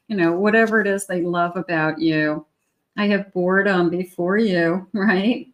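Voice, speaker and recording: Middle-aged woman, low-pitched, rambling casual tarot reading with small laughs. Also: steady tone, unhurried. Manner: chatty, rambling with restarts and little laughs. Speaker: tarot reader.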